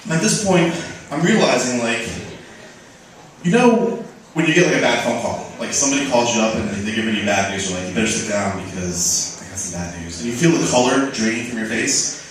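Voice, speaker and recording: A man's voice: medium pitch, animated, fairly quick, a little hiss or hum. A young man doing an open mic stand-up set, telling a rambling, self-deprecating story full of "like". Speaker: stand-up comedian. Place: comedy club stage. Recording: echoey club recorded from far off. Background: audience laughter.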